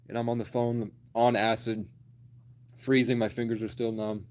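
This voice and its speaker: A man's voice: lowish voice, flat delivery, moderate pace. A man in his twenties telling a long personal story in a rambling, blunt, profane way on a livestream. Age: 20s.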